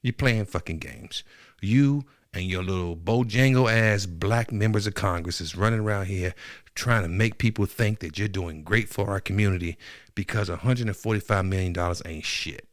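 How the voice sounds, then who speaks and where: A man's voice: low voice, normal speed, dry recording, clean studio sound. A man hosting a podcast, delivering a heated, profane political monologue that keeps building, with emphatic repeats. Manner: repetitive, emphatic. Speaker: podcast host.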